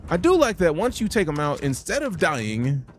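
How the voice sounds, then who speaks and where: Young male game streamer, lively pitch swings, loose and profane, music faint in the background. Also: normal speed. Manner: profane, jokey, sing-song bursts. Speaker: gaming streamer. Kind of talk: casual live-stream commentary.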